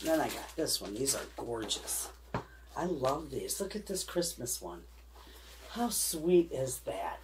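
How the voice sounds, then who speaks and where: A woman's voice: a bass voice, very animated, takes it slowly, background noise. A middle-aged woman hosting a homesteading channel, chatting casually and emotionally to her viewers. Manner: rambling, heartfelt, emotional. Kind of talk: casual chat to camera.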